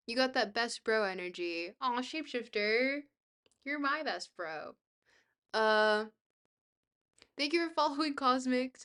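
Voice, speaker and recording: Bubbly young woman streamer, bright voice. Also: high-pitched, smooth. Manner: bubbly, goofy, self-deprecating. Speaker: livestreamer. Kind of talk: casual chat, reading viewer messages.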